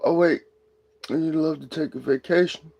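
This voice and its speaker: A high-strung man hosts his own livestream, swearing freely as he rants to the chat. His voice sits a little high for a man, and he talks in a loose, casual way. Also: steady tone, normal speed, creaky, a little mellow, muffled recording. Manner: profane, ranting, high-strung. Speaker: livestream host.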